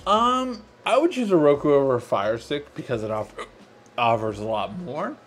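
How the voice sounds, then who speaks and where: A man's voice: a little high, sing-song, normal speed, a bit bright, slight background noise. A tipsy man hosting a live tech show, slurring his words and hiccuping as he chats with viewers. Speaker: host.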